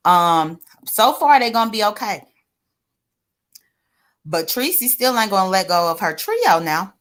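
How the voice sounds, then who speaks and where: Sassy bright-voiced woman gossip commentator. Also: mid-range voice, lively intonation, a little slow. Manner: sassy, exclamatory, chatty, addresses viewers as y'all. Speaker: online drama commentator. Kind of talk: casual gossip commentary to viewers.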